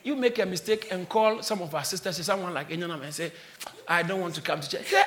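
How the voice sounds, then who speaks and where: A man preaches to his church in a strikingly high, bright voice. He spells words out and explains them, and he rises into shouts and laughter as he presses his point. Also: very animated, a little fast. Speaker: pastor. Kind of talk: sermon.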